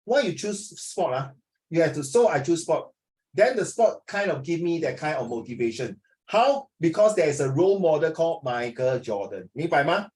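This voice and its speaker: A man's voice: fairly high pitch, animated, normal speed, a little mellow. A man with a Singaporean accent teaching a class, joking with his students and quizzing them. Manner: joking, asks students questions, mixes in Mandarin. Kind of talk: classroom lesson.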